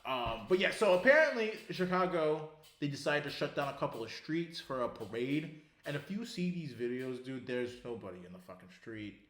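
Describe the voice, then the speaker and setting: Animated, profane man ranting on a podcast. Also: fairly high pitch, moderate pace, reverberant. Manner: animated, profane, rambling with restarts. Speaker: podcast co-host. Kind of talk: casual sports chat.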